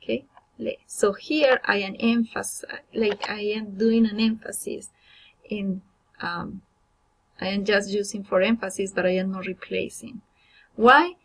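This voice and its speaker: A woman's voice: medium pitch, fairly even intonation, unhurried, low-quality recording. Woman teaching grammar with many fillers. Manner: explanatory, many fillers and restarts. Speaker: Spanish teacher. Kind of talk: recorded grammar lesson.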